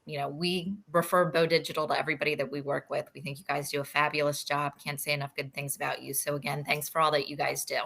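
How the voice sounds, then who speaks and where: A woman's voice: deep voice, level tone, fast, vocal fry, hardly any pauses, a bit bright. A woman consultant chatting on a video call, upbeat and chatty. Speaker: title insurance consultant guest. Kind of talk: casual video-call chat.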